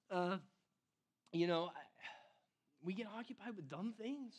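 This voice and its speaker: A man's voice: sits high, a little slow, breathy edge. A man preaching a casual sermon to his church, chatty and self-deprecating, often laughing at himself. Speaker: pastor.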